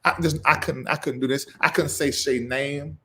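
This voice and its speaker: A man's voice: medium pitch, fairly even intonation, normal speed, pushed and bright. Man preaching and grieving on a livestream. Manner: preacherly, exhorting, emotional, laughs through grief; reads viewer comments aloud and greets them. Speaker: livestream show host. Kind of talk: emotional direct-to-viewers livestream talk.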